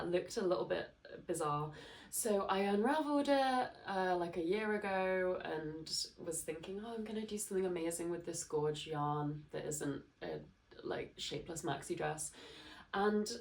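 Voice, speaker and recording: Slow, gravelly-voiced woman with a stuffy nose. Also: mid-range voice, recorded from a distance. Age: 30s. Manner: chatty, rambling, lots of fillers. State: nasal from hay fever. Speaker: podcast host. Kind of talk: casual chat.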